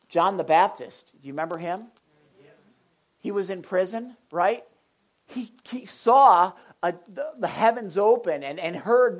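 A woman preaching an impassioned sermon, often repeating and restarting words as she builds to loud cries. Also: lowish voice, muffled recording.

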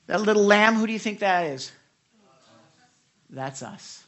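Here the preacher's mid-range voice is unhurried as he gives a spirited devotional sermon. He retells the scriptures with many false starts and asks the audience pointed questions.

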